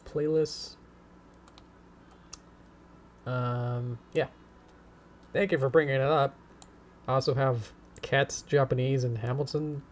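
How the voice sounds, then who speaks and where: A man streaming as he animates, chatting casually with viewers in a rambling, hesitant way, humming softly between comments. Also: mid-range voice, steady tone, unhurried, slight background noise. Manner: rambling, hesitant, many fillers and soft humming. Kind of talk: casual live-stream chat.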